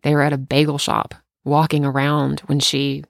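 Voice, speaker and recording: Emotional woman with a gravelly voice. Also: sits low, monotone, no echo. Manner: emotional, halting, with frequent restarts; tender, close to tears at times. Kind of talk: casual conversation.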